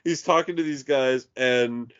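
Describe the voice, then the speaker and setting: A man in a relaxed podcast chat who rambles through his stories, dropping "like" every few words and swearing freely. His voice sits at an ordinary middle pitch. The audio is a little dull and lo-fi. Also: unhurried, clean tone. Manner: rambling storyteller, peppers speech with "like" and swearing. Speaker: podcast co-host. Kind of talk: casual chat.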